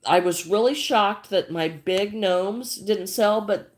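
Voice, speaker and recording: A woman's voice: mid-range voice, slow. An older woman chatting casually on her crafting livestream, greeting viewers by name and often repeating herself. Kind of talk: casual livestream chat while crocheting.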